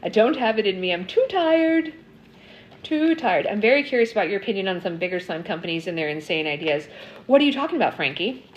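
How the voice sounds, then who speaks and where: A woman's voice: lowish voice, expressive, very fast, dull audio, slight background noise. A woman hosting a casual live stream, chatting and answering viewer comments with frequent ums. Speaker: slime livestream host. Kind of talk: casual livestream chat.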